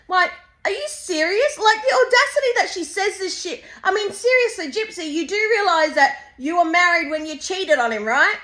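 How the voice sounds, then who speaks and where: A woman's voice: very high voice, very animated, a little fast, sharp tone. A woman co-hosting a casual chat, blunt and sarcastic with some swearing. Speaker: podcast co-host.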